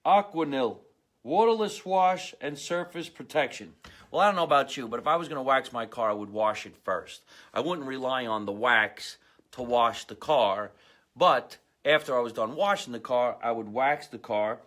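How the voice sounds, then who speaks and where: A man's voice: medium pitch, expressive, normal speed, a bit bright. A man hosting a comedy podcast from a home basement, rambling through sponsor plugs and stories in a chatty, salesman-like way.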